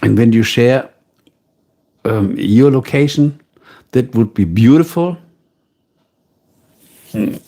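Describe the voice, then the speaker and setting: A man with a German accent hosting a livestream, chatting casually and directly with his viewers in a relaxed, unhurried way. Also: medium pitch. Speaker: livestream host.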